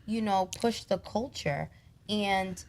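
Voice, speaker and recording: A woman talking as a podcast guest in casual conversation, relaxed and earnest, laughing easily. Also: medium pitch, takes it slowly, poor audio. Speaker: guest, cannabis company co-founder.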